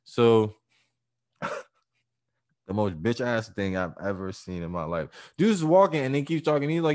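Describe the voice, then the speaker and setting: A man casually telling a story full of profanity, animated and acting out the people in it. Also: mid-range voice, measured pace, long pauses. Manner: profane, animated, acts out voices and laughs.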